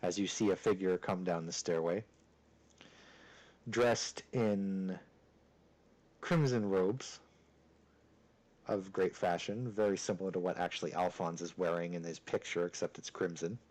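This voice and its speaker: A man acting as game master, narrating a tabletop session in a loose, conversational way. His voice sits a little low, and he fills his narration with casual filler words. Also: steady tone, unhurried, pauses often, darkish tone, low-quality recording. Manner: casual, chatty narration full of "kinda" and "like".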